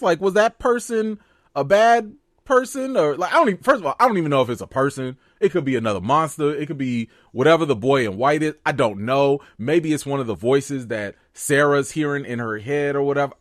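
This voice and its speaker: A man hosting a casual recap of a TV series, talking in an animated, excitable way with joking asides. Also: medium pitch, a little fast, no echo, clean studio sound. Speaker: show recap host.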